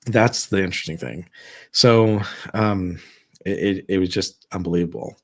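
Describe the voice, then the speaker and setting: A man's voice: deep voice, moderate pace. A man at home telling his own ghost stories in a casual, rambling way, with many fillers and restarts. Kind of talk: casual storytelling chat. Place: his own home, seated at dining table.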